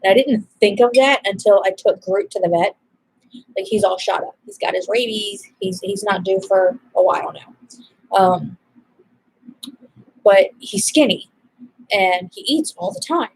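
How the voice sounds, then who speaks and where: A woman's voice: mid-range voice, unhurried, creaky, pauses often, breathy edge, rough recording. A young adult woman chatting casually to her viewers while eating supper, rambling from topic to topic with exasperated asides. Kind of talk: casual chat.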